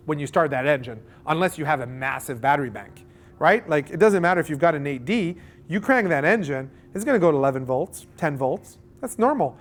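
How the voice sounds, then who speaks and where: A man with a Canadian accent giving a live seminar at a boat show, explaining with lively everyday analogies and acted-out dialogue. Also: on the high side. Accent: Canadian English. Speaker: seminar presenter.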